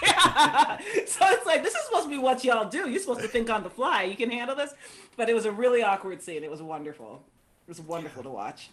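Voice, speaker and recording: A woman panelist with a loud, booming voice, telling a story through laughter in a casual panel discussion. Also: big pitch swings, fast, a little hiss or hum.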